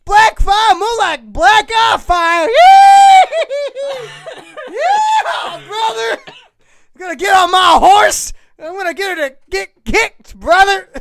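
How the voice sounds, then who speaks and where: A woman's voice: very high voice, big pitch swings, slow, shouting, a loud crowd, pitched above the performer's own voice, full character voice. A woman voicing a rowdy, whooping hillbilly cowgirl in a mock Southern drawl for a comedic fan-fiction reading. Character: rowdy yee-hawing hillbilly cowgirl alien princess.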